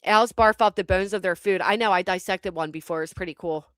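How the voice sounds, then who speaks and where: A woman hosting her channel, telling a comic story to her live chat with animated, profane delivery and dramatic pauses. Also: mid-range voice, clear, resonant tone, dry recording, studio quality. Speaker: channel host.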